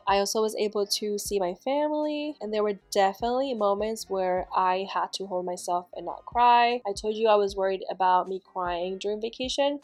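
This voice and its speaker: A young woman chatting casually through a makeup tutorial, gushing and warm about family, with soft laughs. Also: medium pitch. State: emotional, near tears. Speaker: beauty vlogger.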